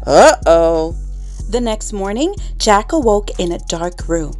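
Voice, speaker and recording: A woman reading a children's bedtime story aloud in an expressive, dramatic way with pauses. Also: medium pitch. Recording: soft music underneath.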